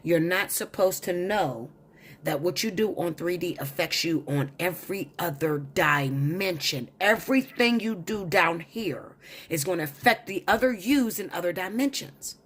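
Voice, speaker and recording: A woman's voice: on the low side, lively intonation, a little slow. A woman tarot reader telling a long story in a blunt, profane, insistent way. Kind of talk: storytelling monologue.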